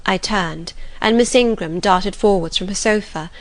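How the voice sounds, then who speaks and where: A woman narrating a classic novel as an audiobook in a calm, gentle manner. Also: mid-range voice, moderate pace, no echo.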